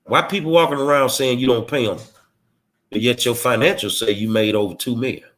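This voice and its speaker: Texan man, mid-pitched, blunt and streetwise, combative commentary host. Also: fairly quick, a bit bright. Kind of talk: confrontational monologue.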